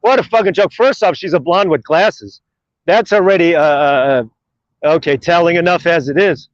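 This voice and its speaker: A man's voice: on the high side, normal speed, no echo. A man ranting with lots of swearing on a live stream while driving, recorded dry and muffled in his car. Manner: profane, rambling, opinionated. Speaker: livestream host. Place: in a car in traffic.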